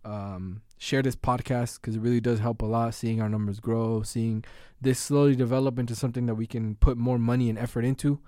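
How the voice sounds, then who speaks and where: A man's voice: mid-range voice, steady tone, a little fast, few pauses, dark tone, dry recording, studio quality. A man co-hosting a podcast in casual chat, earnest and rambling with lots of fillers. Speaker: podcast co-host.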